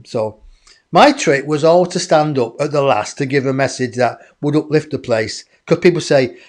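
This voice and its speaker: A man with a voice on the high side, appearing as an interview guest, tells a personal story in a lively, animated way, acting out other people's voices.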